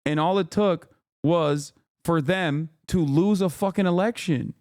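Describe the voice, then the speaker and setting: An exasperated man in his thirties hosts a livestream and rants in casual commentary, swearing freely as he reads posts aloud. His voice sounds smooth and resonant. The sound is dry and close, with no room around it. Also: fairly high pitch, a little slow, a little mellow, dry recording. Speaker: streamer host.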